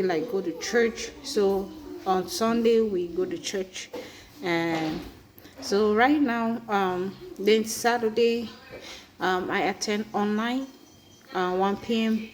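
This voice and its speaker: A woman from Cameroon with a Cameroonian accent, vlogging in a chatty way, often asking "right?" and filling pauses with "um". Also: mid-range voice, a little hiss or hum. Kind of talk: casual personal vlog.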